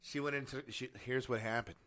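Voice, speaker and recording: A man who works in radio, a guest on a podcast, chiming in with quick joking reassurance. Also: medium pitch, steady tone, a bit bright. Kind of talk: casual chat.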